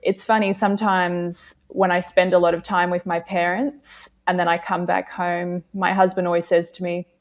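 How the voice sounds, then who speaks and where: Reflective low-pitched woman, from South Africa. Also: level tone. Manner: reflective, with frequent "um" pauses. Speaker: guest. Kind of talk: casual interview chat.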